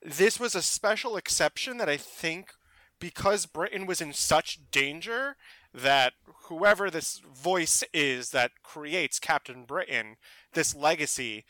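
A man's voice: on the high side, pushed and bright, no room sound. A man co-hosting a comic book podcast, thinking aloud and circling back on his points. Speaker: podcast co-host. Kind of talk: casual comic book discussion.

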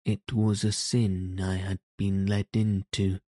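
A man's voice: sits low, level tone, slow, dark tone, no echo, clean studio sound. A man voicing a weary, timid young companion. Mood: pleading. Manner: pleading, archaic speech. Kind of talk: audiobook character reading.

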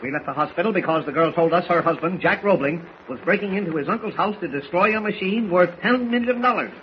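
Perry White, a bellowing hot-tempered editor. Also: male voice, high-pitched, lively intonation, quick pace. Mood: exasperated. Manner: bellowing, sputtering, colorful exclamations. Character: blustering middle-aged male newspaper editor, hot-tempered. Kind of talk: 1940s radio acting. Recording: dull old radio recording with faint hiss.

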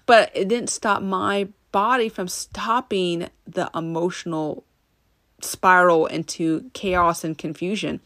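A woman's voice: fairly low pitch, takes it slowly, fairly bright tone, no echo, studio quality. A woman hosting a self-help podcast, speaking earnestly and directly to her listeners in a casual monologue. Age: adult. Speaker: podcast host.

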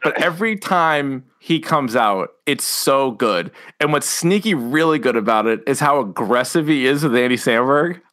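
A man co-hosting a podcast in casual chat, excited, laughing often and acting out quotes. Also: medium pitch, normal speed. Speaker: podcast co-host.

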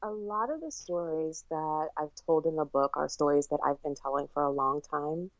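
A woman author in a podcast interview with a very low voice, thoughtful and candid, and quick to laugh. The audio is dull and lo-fi, with a dry, close sound. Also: no room sound. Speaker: author and guest. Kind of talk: casual interview chat.

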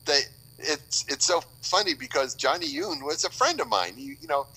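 A bright-toned older man from Boston talks in a loose, rambling way, full of restarts and quick jokes. He chats casually as a guest on a remote call. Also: fairly high pitch, sing-song, vocal fry, breathy edge, low-quality recording. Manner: rambling, joking, many restarts. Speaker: author guest. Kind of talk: casual podcast chat.

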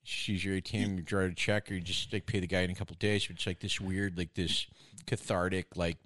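A loose, rambling movie star drifting from thought to thought in a surfer drawl, as a man puts him on. The voice sits fairly low and is recorded dry and close. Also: little pitch movement, fast talker, a bit bright, no room sound. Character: rambling laid-back male movie star.

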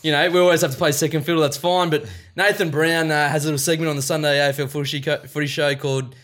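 Joking quizmaster, higher voice. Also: male voice, level tone, fast, fairly bright tone. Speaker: podcast co-host running a quiz. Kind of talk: casual podcast chat.

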